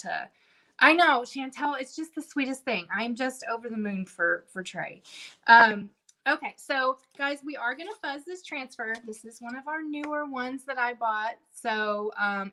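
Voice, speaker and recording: A woman's voice: on the high side, bright, forceful tone. Bubbly woman chatting on a craft livestream. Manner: chatty and bubbly, talks straight to viewers. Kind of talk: casual livestream crafting chat. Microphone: livestream camera setup.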